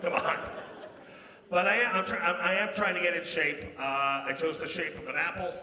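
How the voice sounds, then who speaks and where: A man from Canada doing a stand-up comedy set, breaking into loud sung and acted bits. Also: high-pitched, fairly even intonation, moderate pace. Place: large casino showroom with a live audience. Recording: echoey live hall, crowd. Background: audience laughter.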